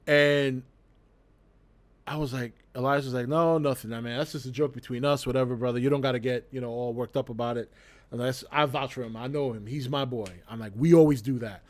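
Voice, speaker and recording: A man's voice: mid-range voice, brisk. A man casually telling a story to his livestream chat, laughing often and swearing freely as he acts out the scene. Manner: laughs often mid-sentence, swears freely, animated retelling.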